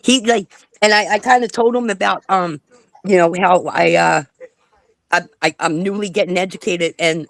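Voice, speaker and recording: Speaking at a moderate pace in a fairly low, gravelly voice, the middle-aged livestream host from the northern US chats casually, telling profane stories and doing impressions of people.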